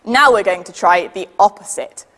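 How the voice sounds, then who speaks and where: A woman with a British accent leading a children's science demonstration, patient and lively, counting down for the audience to join in. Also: medium pitch, moderate pace, in a large hall. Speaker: science workshop leader.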